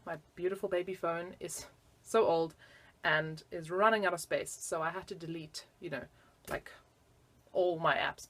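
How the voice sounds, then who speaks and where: A woman's voice: fairly low pitch, fairly bright tone. A woman teaching flute in a casual video lesson, chatty and giggly with self-deprecating asides.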